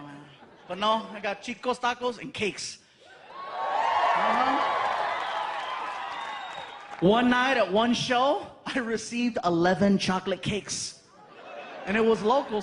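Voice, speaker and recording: A man doing stand-up comedy live on stage, telling stories in an animated way with laughter and acted-out voices. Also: high voice, very noisy. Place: live comedy venue with audience.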